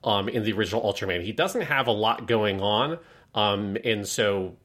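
A man's voice: on the low side, normal speed. A man co-hosting a film podcast, talking enthusiastically in casual chat and acting out lines from the show. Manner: enthusiastic, acts out shouted lines in quotes. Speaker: podcast co-host.

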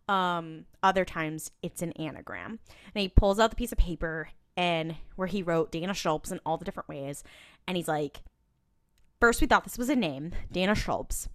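A woman's voice: lowish voice, clean tone, no echo, clean studio sound. A woman co-hosting a podcast, recapping a TV episode in casual chat, quoting lines and laughing often. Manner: animated, laughing, quoting characters in lively bursts. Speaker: podcast co-host.

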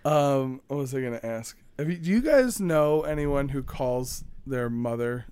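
A man's voice: mid-range voice, expressive, unhurried, darkish tone, clear, resonant tone, no room sound. A man chatting casually as a podcast host, rambling and laughing often. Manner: giggly, rambling, frequent laughter.

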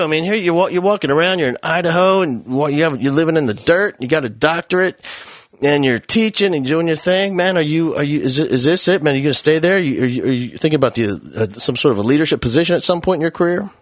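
A man hosting a casual conversation, a teacher telling stories in an animated way and often saying "man". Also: on the high side, quick pace, dry recording, clean studio sound. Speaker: podcast host and teacher.

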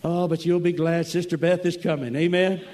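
A man preaching a camp meeting sermon, emphatic, swinging from loud cries to low murmurs, acting out quoted voices and calling for amens. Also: fairly even intonation, moderate pace. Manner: acts out quoted voices, asks the crowd for amens. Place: large church or camp meeting hall.

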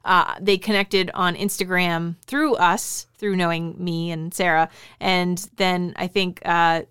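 A woman co-hosting a podcast, chatting casually with many fillers and quick agreement. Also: lowish voice, steady tone, a bit bright, clean tone, dry recording, clean studio sound. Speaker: podcast co-host. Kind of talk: casual chat.

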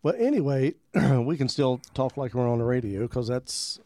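Easygoing male pastor co-host, mellow voice, unhurried and rambling. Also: medium pitch, animated, dry recording. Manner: easygoing, rambling, repeats words while thinking. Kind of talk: casual Christian radio talk.

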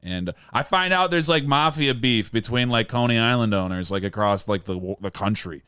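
A man co-hosting a podcast, telling animated stories in casual chat and slipping into voices when he quotes people. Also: mid-range voice, normal speed, clear, resonant tone, dry recording. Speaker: podcast co-host, comedian.

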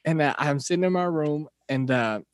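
A young man on a casual podcast telling a rambling story, often restarting and laughing. His voice sits a little high and is recorded dry and close. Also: normal speed, no room sound. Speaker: podcast co-host.

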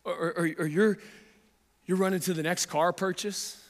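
A man preaching a sermon, telling a personal story in an animated way and often repeating words. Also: high voice, moderate pace, long reverb tail.

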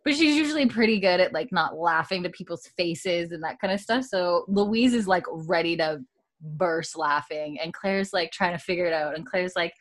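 Giggly woman recapping a show. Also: fairly low pitch. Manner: giggly, acts out characters' lines in quick voices. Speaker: podcast co-host. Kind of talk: casual podcast recap chat.

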